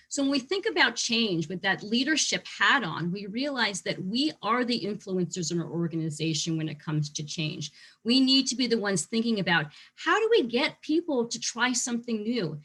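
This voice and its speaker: A woman with a somewhat high voice gives a short online lesson on facility management. She talks with lively energy and slips into quoted voices to show how staff react to change.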